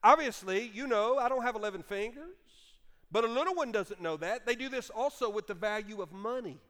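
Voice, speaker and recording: A male pastor preaching a sermon in an animated storytelling manner, with humor. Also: high-pitched, fairly quick. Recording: long reverb of a large hall.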